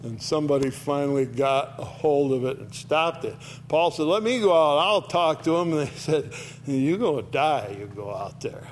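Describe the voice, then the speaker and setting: A man giving an informal Bible teaching, retelling the scripture in lively storytelling and acting out the quoted voices. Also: fairly high pitch, moderate pace, slight background noise.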